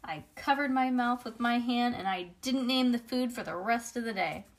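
A woman reads a children's chapter book aloud. Her delivery is lively and expressive, with the odd small slip. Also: a little high, normal speed.

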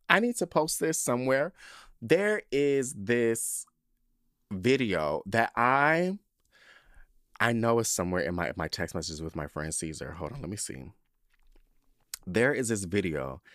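A man hosting a podcast, telling a story in a campy, profane, animated way. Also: lowish voice, dry recording, clean studio sound. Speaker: podcast host. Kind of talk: casual chat.

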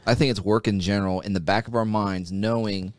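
A man co-hosting a podcast, telling stories in a profane, animated way and acting out what people said. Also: on the low side, brisk, no echo, studio quality. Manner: profane, animated storyteller who acts out quotes. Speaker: podcast co-host. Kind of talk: casual podcast chat.

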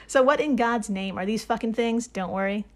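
A woman's voice: on the high side, moderate pace. A young woman co-hosting a casual podcast, playfully explaining a science study and reading out quotes. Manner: playful, giggly, explains science to her co-host. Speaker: podcast co-host. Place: New York.

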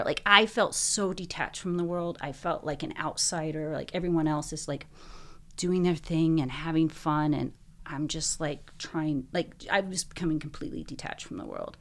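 A young woman, a guest in an interview, telling her own story earnestly, full of "like"s and quick bursts. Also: low-pitched.

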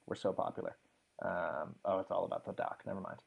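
A man's voice: sits low, flat delivery, fairly quick, gravelly, slightly rough, phone-quality sound. A young man hosting a sports podcast, chatting casually and reeling off stats with lots of fillers. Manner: enthusiastic, rattles off stats with fillers. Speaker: podcast host.

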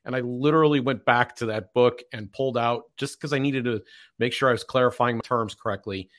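A podcast host with a plain mid-range male voice leads the conversation. He thinks out loud and often rephrases himself as he sets up questions. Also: mid-range voice. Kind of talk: casual interview chat.

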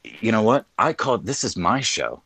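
A low-pitched man co-hosting a podcast, with a dry, close sound. He talks in a crude, joking, self-mocking way. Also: sing-song, moderate pace, fairly bright tone, husky, dry recording. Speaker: podcast co-host. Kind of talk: casual profane chat.

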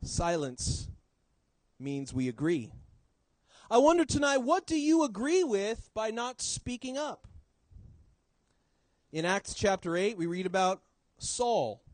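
A man preaching a sermon in church, swinging between loud emphasis and quiet low drops. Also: big pitch swings, slow, long pauses, dry recording, low-quality recording.

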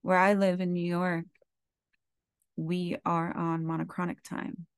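Female podcast host, low gravelly voice, candid and confessional, dry close sound. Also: little pitch movement, a little slow, dry recording. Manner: heartfelt and confessional, casual swearing. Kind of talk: candid reflective monologue.

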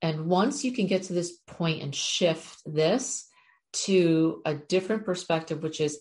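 A woman's voice: low voice, a little slow, a little mellow. A middle-aged woman, an animal communicator, giving a chatty, frank spiritual talk to her viewers with casual swearing.

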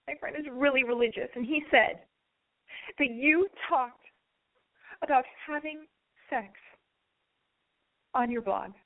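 A woman's voice: on the low side, no room sound, natural voice. A woman voicing a cagey young man from a bar who keeps pleading with her. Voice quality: wheedling, evasive. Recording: narrow phone-like sound.

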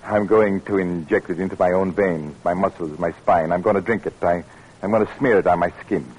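An actor playing a determined middle-aged male doctor in a 1940s radio drama, speaking in an earnest, measured way with a husky voice. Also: sits low, steady tone, darkish tone. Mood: angry, resolute. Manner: earnest, measured, flares into anger. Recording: dull lo-fi old radio recording.

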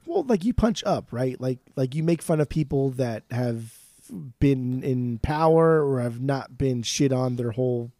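A man's voice: medium pitch, lively intonation, a little slow, mellow, dry recording, studio quality. A man co-hosting a casual music podcast, blunt, profane and jokey. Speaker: podcast co-host.

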